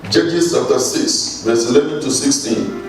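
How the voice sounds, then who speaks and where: A man's voice: medium pitch, a little slow. A man pastor preaching a sermon, exhorting the congregation and repeating lines for them to echo back while reading scripture aloud. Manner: reads scripture aloud and comments on it. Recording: echoey hall, distant mic, music behind.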